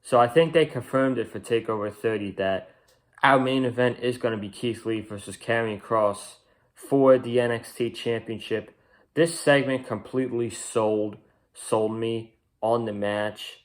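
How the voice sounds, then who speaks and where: A man's voice: mid-range voice, unhurried. Opinionated young man reviewing wrestling. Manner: rambling, opinionated, frequent restarts. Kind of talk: casual solo review.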